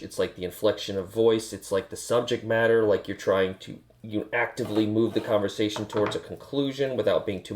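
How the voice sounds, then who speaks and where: Casual streamer guy, very low gravelly voice, crude joker, faint hiss behind. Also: a little mellow. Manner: crude joking banter. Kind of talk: casual chat while working.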